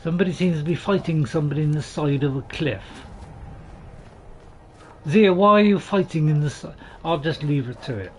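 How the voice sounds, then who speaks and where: Speaking at a moderate pace in a fairly high voice, a male gaming host delivers self-deprecating, chatty gameplay commentary. His dry humor comes wrapped in lots of hesitation, fillers and restarts, and a faint hiss or hum sits under the recording.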